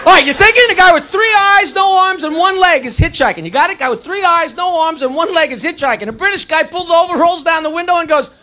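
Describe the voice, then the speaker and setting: A man's voice: extremely high pitch, lively intonation, fast, few pauses, pushed and bright, a little hiss or hum. A man doing a stand-up routine on a club stage, laughing at his own jokes. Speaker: stand-up comedian. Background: audience laughter.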